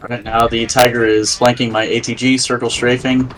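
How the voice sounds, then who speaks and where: A man's voice: mid-range voice, little pitch movement, moderate pace, fairly bright tone, rough recording. A man co-commentating a strategy game, laid-back, mostly short agreeing replies. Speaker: guest co-caster.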